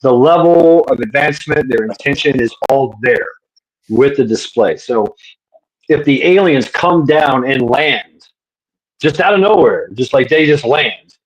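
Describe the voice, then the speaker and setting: Casual man talking fast and animated. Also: mid-range voice, low-quality recording. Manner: animated, acts out imagined voices. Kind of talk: casual podcast chat.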